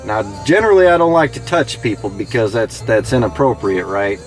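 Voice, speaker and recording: A man's voice: medium pitch, very animated, a little fast. A man with a mid-range voice tells his ride share driving stories in a loose, chatty way, full of "you know" and acted-out quotes. He sounds like he is sitting in a car, with faint music playing underneath. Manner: conversational, many fillers, mimics passengers in quoted lines. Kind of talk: casual storytelling.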